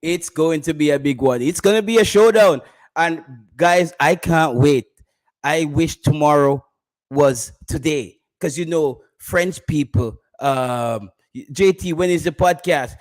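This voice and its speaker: A man's voice: a little high, measured pace. A man with a Jamaican accent, hosting a casual live stream about football, bantering with his chat and laughing often.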